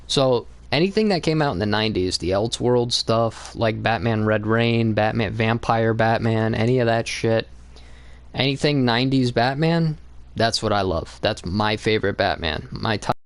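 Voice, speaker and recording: A man's voice: fairly low pitch, moderate pace, clean tone, no room sound. A young man hosting a comics channel, talking in a blunt, rambling, profane way about what he likes and hates. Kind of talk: casual opinionated monologue.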